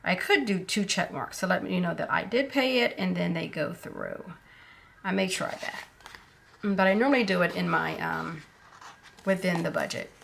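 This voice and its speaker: A woman talking casually through her budget planner, unhurried and thinking aloud with fillers as she goes. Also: on the low side, gravelly, slight background noise. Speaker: planner vlogger.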